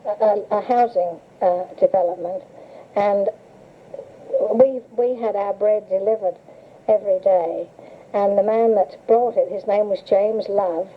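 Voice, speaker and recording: A woman's voice: mid-range voice, unhurried. An older woman reminiscing in a chatty, storytelling way and laughing often while she is interviewed. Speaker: interviewee recalling memories. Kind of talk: casual reminiscing. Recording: tinny old cassette tape with hiss.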